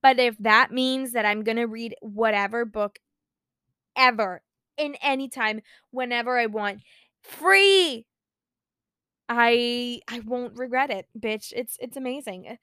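A teenage girl, talking in a smooth, bright-toned voice that sits a little high. She gushes excitably and swears freely in casual chat. The sound is close and dry, with no room around it. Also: normal speed, dry recording. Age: teens. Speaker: podcast host.

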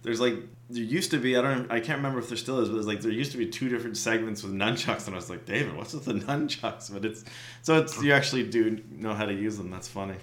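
Host, male, lowish voice, jokey and halting, roomy echo. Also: a bit bright. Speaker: podcast co-host. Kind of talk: casual chat.

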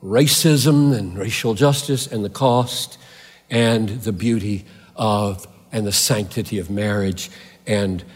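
A man preaching a sermon as a pastor, impassioned, swinging between loud emphatic peaks and quiet intensity. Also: on the low side, slow, big-room sound.

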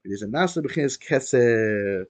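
A man teaching a Torah lesson as a rabbi, talking in an animated way, often repeating himself and restarting phrases. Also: mid-range voice, moderate pace. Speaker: rabbi teaching a daily class.

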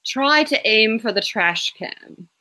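A woman's voice: on the high side, expressive, pushed and bright, dry recording, full character voice. A woman doing a snooty English-accented rich man. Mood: haughty. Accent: English (put on). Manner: slow, haughty drawl. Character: snooty, dry-witted wealthy man.

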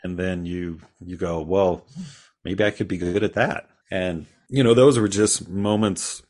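Guy with a really deep voice rambling thru his story on a podcast, lots of restarts. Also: fairly even intonation, measured pace, darkish tone. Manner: rambling, restarts often, laughs at own stories. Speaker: podcast guest. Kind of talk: casual storytelling interview.

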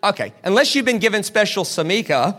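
A man's voice: sits high, sing-song, fairly quick, fairly bright tone. A man preaching a sermon as pastor. He asks the crowd questions, answers them himself, and acts out the people in the story.

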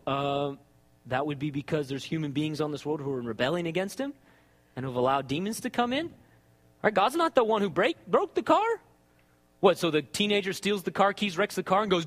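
Male preacher, high voice, wide swooping pitch, long hall reverb, conversational sermon. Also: brisk. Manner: animated, conversational, asks "right?" often.

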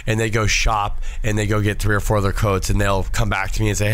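A man co-hosting a podcast with a nasal voice from a cold, talking in a relaxed, rambling way. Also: fairly low pitch, brisk, clean tone, dry recording. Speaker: podcast co-host. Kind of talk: casual podcast chat.

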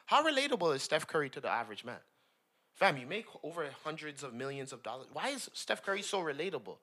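A man's voice: fairly high pitch, very animated, fast talker, bright, forceful tone. A man co-hosting a casual sports podcast, talking in a heated, emphatic way. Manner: heated and emphatic, says "fam" constantly. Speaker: podcast co-host.

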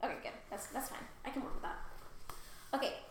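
A woman's voice: fairly high pitch, big pitch swings, a little fast, slight background noise. A young woman co-hosting a podcast, retelling a myth in rambling casual chat and swearing easily. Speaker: podcast co-host. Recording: echoey room.

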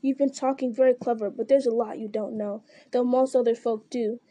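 A woman voicing a gruff, stern male orc captain who growls out blunt orders in an audiobook reading. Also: on the high side, fairly even intonation, fairly quick, dark tone, dry recording, lightly acted. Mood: scornful.

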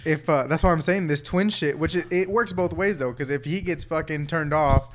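A man bantering on a podcast with crude jokes and quick reactions. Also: fairly high pitch. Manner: crude joking, quick reactions, animated when he quotes people. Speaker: podcast co-host. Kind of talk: casual banter.

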